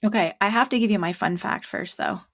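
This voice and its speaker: A woman's voice: medium pitch, brisk, slight background noise. A middle-aged woman podcast host and parent coach, telling stories in a casual, chatty way and laughing often. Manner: chatty storyteller, laughs often, many fillers.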